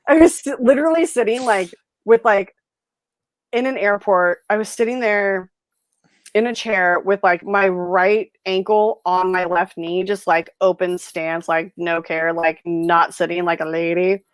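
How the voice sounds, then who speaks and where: A woman hosting a casual livestream chat, telling stories in a lively way and acting out the people she quotes. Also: on the low side, measured pace, smooth, no echo. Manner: chatty storyteller, animated quoted voices. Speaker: host.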